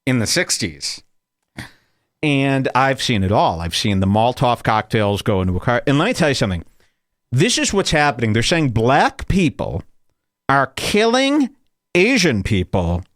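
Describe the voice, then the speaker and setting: Animated, crude comedy podcast host. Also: male voice, mid-range voice, unhurried, long pauses, no echo, studio quality. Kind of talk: comedic rant.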